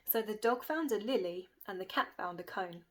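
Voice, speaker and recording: A woman's voice: mid-range voice, expressive, moderate pace, poor audio. A woman reading a rhyming children's picture book aloud with a lilting rhythm. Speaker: storybook reader.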